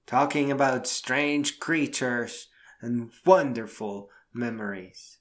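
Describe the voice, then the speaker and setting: A man telling a spooky-season anecdote as a storyteller, expressive and drawn out, slowing down for effect. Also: mid-range voice. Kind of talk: spoken anecdote told as a story.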